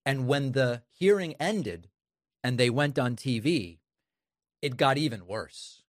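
A man's voice: mid-range voice, animated, slow, no echo, studio quality. Scornful male commentary host. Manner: scornful, sarcastic. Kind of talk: opinionated commentary.

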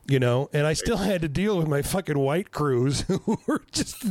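A man in his fifties chatting casually on a podcast, telling stories in a profane, animated way and laughing at himself. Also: mid-range voice, normal speed, few pauses, no room sound. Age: 50s. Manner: profane, animated storytelling with self-mocking laughs. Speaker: podcast host.

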